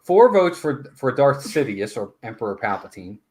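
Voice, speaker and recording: A man's voice: medium pitch, sing-song, moderate pace, darkish tone. A man hosting a casual live stream, counting votes and greeting viewers by name. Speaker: host.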